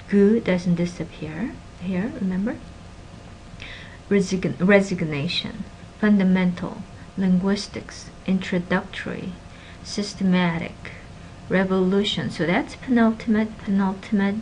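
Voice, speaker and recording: A woman teaching a linguistics class, stressing example words with energy and dropping into quiet asides. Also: mid-range voice, slight background noise, low-quality recording. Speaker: linguistics lecturer. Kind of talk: recorded classroom lecture.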